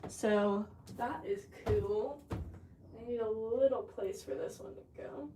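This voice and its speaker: A woman's voice: on the high side, slow, warm tone. Chatty woman potter, distant mic. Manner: chatty, scattered, talks to chat while working. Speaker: ceramic artist livestreaming. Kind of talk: casual livestream chat while working. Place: pottery studio. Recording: distant mic with clear background noise.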